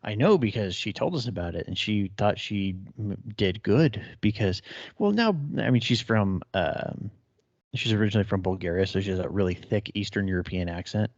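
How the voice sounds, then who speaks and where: Thirtysomething guy, podcast co-host, swears a lot, kinda low voice, dull dry recording. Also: animated, normal speed, dry recording. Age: 30s. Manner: blunt, profane, swears freely. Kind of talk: casual chat.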